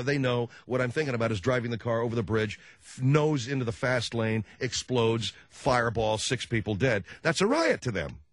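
Brief: middle-aged male host, sardonic monologue, swinging pitch, dry close sound. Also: no echo. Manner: animated, sardonic, dark humor. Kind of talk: comic storytelling monologue.

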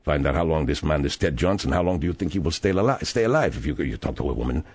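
Stammering Spanish-accented man, very deep voice. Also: expressive, darkish tone, slightly rough, no room sound. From abroad, moved to America. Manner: halting, stammering, full of fillers and drifting tangents. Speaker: radio talk show host. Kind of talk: rambling comic radio talk.

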